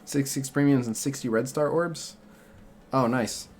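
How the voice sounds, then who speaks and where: A young streamer playing a mobile game talks to his chat a bit slowly in a slightly mellow mid-range voice. His casual conversation wanders, filled with "like" and "uh."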